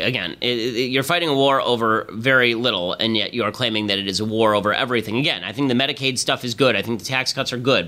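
A man's voice: medium pitch, bright, forceful tone. A man hosting a political commentary podcast, emphatic and opinionated. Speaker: podcast host.

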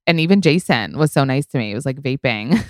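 A woman's voice: extremely low pitch, animated, brisk, a little mellow, dry recording, clean studio sound. A woman hosting her own podcast, telling a story in casual chat, full of "like" and "you know", with the odd swear word. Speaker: podcast host.

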